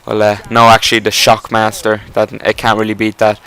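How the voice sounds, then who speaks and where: Smooth-voiced man rambling over gameplay. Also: on the low side, completely flat delivery, brisk, pushed and bright, low-quality recording. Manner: enthusiastic, rambling, casual swearing. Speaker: gameplay commentator. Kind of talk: casual rambling commentary.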